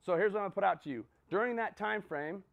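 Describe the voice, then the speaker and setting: Gravelly man giving a motivational talk. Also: sits high, fast talker, phone-quality sound. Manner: storytelling with frequent "right?" and "okay?" check-ins. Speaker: motivational speaker. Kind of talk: motivational talk to a live group.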